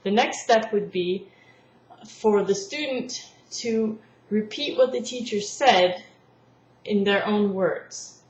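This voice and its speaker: A woman's voice: mid-range voice, takes it slowly. A woman who teaches language therapy, patiently explaining a lesson plan and acting out classroom examples. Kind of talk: spoken lesson walkthrough. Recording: roomy, dull lo-fi sound with faint noise.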